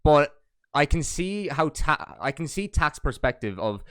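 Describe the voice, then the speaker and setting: A man's voice: medium pitch, expressive, fairly quick, fairly bright tone, clean tone, no room sound, clean studio sound. A man hosting a podcast and talking in an easygoing, conversational way. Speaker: podcast host. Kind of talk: casual podcast chat.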